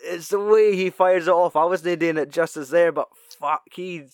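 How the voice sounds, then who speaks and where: A man's voice: sits high, moderate pace, clean tone, no room sound, studio quality. A young man in casual chat, swearing often, laughing and acting out film quotes.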